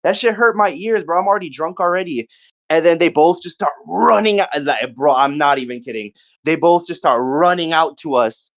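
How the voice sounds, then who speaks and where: With a voice on the high side, a young guy recounts a drawn-out party story in casual podcast talk, cursing freely and animatedly impersonating his friends in short bursts. The high frequencies are cut off.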